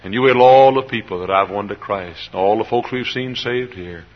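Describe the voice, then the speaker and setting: A man's voice: on the low side, moderate pace, long reverb tail. An older man preaching a sermon with fervor, often repeating his phrases. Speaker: pastor. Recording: dull lo-fi sermon recording.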